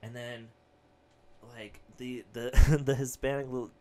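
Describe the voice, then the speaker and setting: A young man hosting a comedy podcast, rambling through a story and acting out the other people in it. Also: slow. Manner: animated, acts out quoted voices with big pitch jumps. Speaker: podcast host. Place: home studio with a whiteboard.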